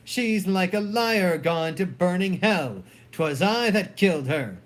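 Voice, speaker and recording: Man reading a wrathful jealous general, high-pitched for a man, slow measured verse, play reading. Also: lively intonation. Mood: bitter. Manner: solemn, deliberate verse delivery. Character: jealous anguished male general, proud and wrathful.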